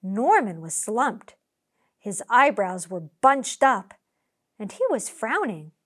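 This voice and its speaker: Slow, lively woman reading a children's story. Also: a little high. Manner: slow, animated, expressive. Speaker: teacher. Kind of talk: children's story read-aloud.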